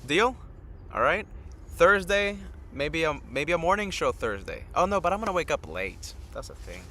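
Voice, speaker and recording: Tired, rambling man with a bright voice. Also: on the high side, sing-song, brisk, a little hiss or hum. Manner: rambling, chats directly with viewers. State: tired from little sleep. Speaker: live-stream host. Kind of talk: casual live-stream chat.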